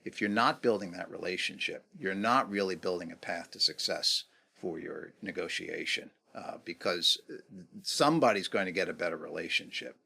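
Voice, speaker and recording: A middle-aged man from New York talks in a low-pitched voice as an interview guest. He tells stories in a casual, animated way and drops rhetorical questions as he goes. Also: moderate pace, creaky, breathy edge. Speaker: guest, negotiation expert.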